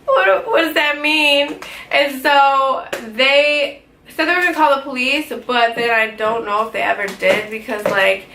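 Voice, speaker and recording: A young woman telling a story in a casual vlog, animated, swearing often and filling with "like". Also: a little high, unhurried. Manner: animated, heavy swearing, lots of "like". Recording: echoey room with faint ambient noise.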